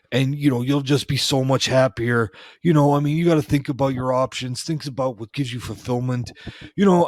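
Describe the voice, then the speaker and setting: A man's voice: medium pitch, a little mellow, dry recording. Rambling man, dry close sound. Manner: meandering, peppered with "you know". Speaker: podcast co-host. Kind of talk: rambling comedic storytelling in character.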